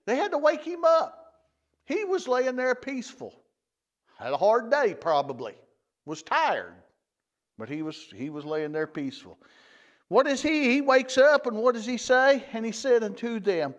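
A man's voice: extremely high pitch, sing-song, a little slow. A man teaching a Bible lesson in a folksy way, often repeating and restarting phrases. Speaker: church teacher. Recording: dull lo-fi church recording.

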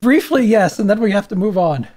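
A woman's voice: mid-range voice, expressive, brisk, mellow. A woman hosting a casual livestream podcast, reading out prompts and cheering her guests on. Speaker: podcast host.

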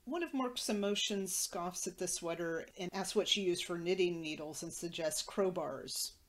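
A woman's voice: fairly low pitch, normal speed. A woman podcast host recapping a TV episode in a matter-of-fact way with wry asides.

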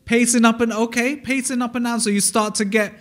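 A British man with a fairly high voice delivers a sermon in a church. He talks in an easy, conversational way, putting questions to the congregation and often restarting his sentences. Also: fairly even intonation, a little fast, a bit bright. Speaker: pastor. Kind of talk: interactive sermon. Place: church hall.

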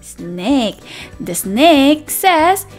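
Very high, lively woman teacher reading aloud. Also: soft background music. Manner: animated and sing-song, with drawn-out words and excited gasps; speaks directly to young children with questions and praise. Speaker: children's teacher and channel host. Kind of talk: read-aloud storytelling for toddlers.

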